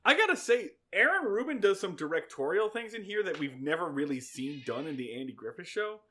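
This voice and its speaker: A man's voice: high-pitched, very animated, fairly quick, sharp tone. A man co-hosting a podcast in casual, rambling, profane joking chat. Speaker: podcast co-host.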